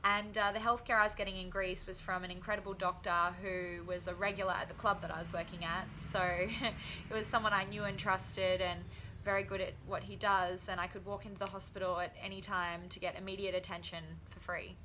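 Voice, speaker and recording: Young woman, casual vlog storytelling, crisp bright tone, faint hiss behind. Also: on the low side, little pitch movement, a little fast. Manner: chatty, laughs often, acts out quotes. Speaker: vlogger, professional boxer.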